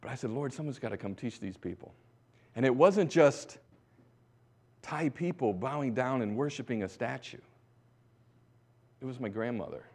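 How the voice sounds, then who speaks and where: This middle-aged U.S. missionary preacher gives a testimony sermon, exhorting listeners and shifting between soft asides and sudden loud bursts. His medium-pitched voice has lively intonation, and he speaks unhurriedly with long pauses.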